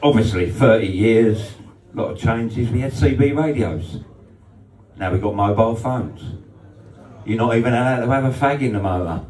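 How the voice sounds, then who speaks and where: A man doing a brash, sweary stand-up set in a small club. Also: moderate pace. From England. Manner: brash and sweary, with lively swings in pitch. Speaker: stand-up comedian. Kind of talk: stand-up set with crowd laughter. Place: small club function room. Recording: roomy club sound from a distance.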